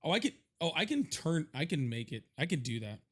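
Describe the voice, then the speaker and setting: A man's voice: on the high side, very animated, fairly quick, husky. A man hosting a live political stream, chatting loosely, laughing a lot and reading out donations. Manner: loose, rambling, laughs often, reads donations aloud. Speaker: livestream host. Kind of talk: casual livestream chat.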